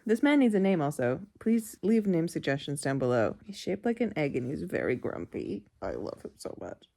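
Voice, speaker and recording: A woman book vlogger chatting casually at home in a weekend vlog, expressive and quick to laugh. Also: low voice, creaky.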